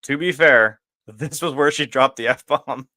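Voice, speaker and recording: A man giving a casual film review, laid-back and rambling, with lots of fillers, swearing and quick laughs. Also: medium pitch, bright, forceful tone.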